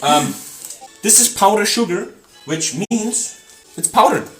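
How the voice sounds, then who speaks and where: A man's voice: sits high, animated, slow pace, music in the background. Brash joking man hosting a cooking stream. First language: not English. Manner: brash, teasing, mock-boastful. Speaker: cooking show host.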